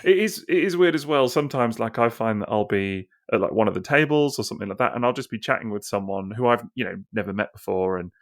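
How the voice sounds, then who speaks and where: A man with a fairly low voice rattles through a casual podcast story, piling on fillers and restarts. The sound is dry and close, with no room around it. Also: expressive, no room sound. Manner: quick, rambling storyteller with many fillers. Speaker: podcast co-host. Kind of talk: casual chat.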